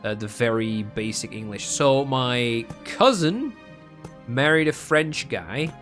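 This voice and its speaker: A man's voice: medium pitch, expressive, takes it slowly, a bit bright, faint music behind. A young man from the Netherlands with a Dutch accent, chatting casually as a gaming streamer and rambling with many ums and restarts. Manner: rambling and self-mocking, with frequent ums and restarts.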